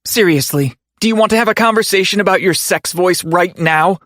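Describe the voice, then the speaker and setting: A man's voice: fairly high pitch, expressive, normal speed, fairly bright tone, no echo, clean studio sound, voice pushed up. A man voicing a feisty, sassy young woman in an audiobook, snapping indignant retorts. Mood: exasperated. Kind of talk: audiobook character voice.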